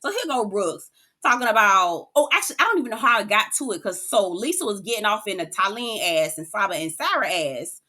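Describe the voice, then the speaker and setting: A woman recapping a reality show in a sassy, animated way, cussing freely and calling her listeners "girl.". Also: medium pitch, a little fast.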